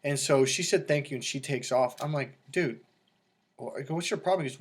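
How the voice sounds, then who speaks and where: A man's voice: medium pitch, fairly quick. A middle-aged man coaching in a casual monologue, telling stories and acting out quoted voices with animation. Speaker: dating coach.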